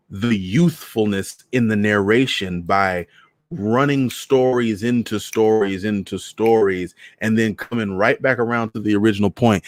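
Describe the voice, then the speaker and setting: Excited, gushing male host. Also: on the low side, no room sound. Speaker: storytelling host. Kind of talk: casual chat after a reading.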